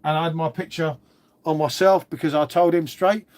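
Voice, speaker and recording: London-area bloke chatting on his livestream, bit of a cold, swears a lot, says mate every line, slightly high voice. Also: steady tone, normal speed, a little mellow. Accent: London-area English. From England (Old Windsor, Berkshire). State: congested with a cold. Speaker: livestream host. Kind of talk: casual chat reading live comments.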